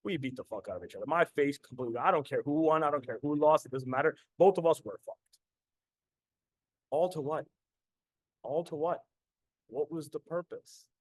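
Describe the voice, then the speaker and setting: A man's voice: fairly high pitch, a little fast, long pauses, husky, no room sound. A man in his thirties from Canada, telling a personal story as a motivational host in an intense, repetitive way, swearing freely. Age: 30s. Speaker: podcast host and business coach.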